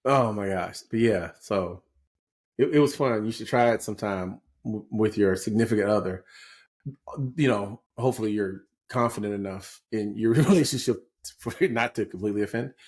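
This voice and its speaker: Laughing, animated man in his forties. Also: lowish voice, normal speed. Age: 40s. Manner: animated storyteller, laughs often. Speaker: podcast co-host. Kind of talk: casual chat.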